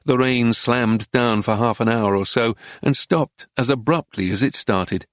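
A man reading a book aloud in measured, even storytelling narration into a close studio mic. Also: mid-range voice, dry recording. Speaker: audiobook narrator. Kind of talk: scripted narration.

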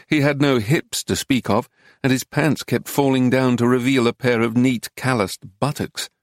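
A man reading a travel narrative aloud in a measured, unhurried audiobook style on a close mic. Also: mid-range voice, no echo. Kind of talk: scripted narration.

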